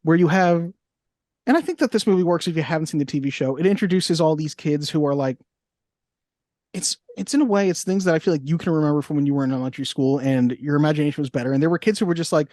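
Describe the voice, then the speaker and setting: Thirtysomething male co-host from Long Island, slightly high, dry close mic, rambling and hedging. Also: quick pace, a little mellow, dry recording. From Long Island, New York. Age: 30s. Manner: rambling, hedging, thinks aloud. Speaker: podcast co-host. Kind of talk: casual chat.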